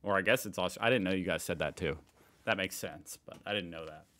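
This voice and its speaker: A man's voice: deep voice, fairly quick, fairly bright tone. An American man hosting a casual reaction video, reading posts aloud and commenting with amused, chatty remarks. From United States. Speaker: host reacting to online posts. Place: home room in Indiana.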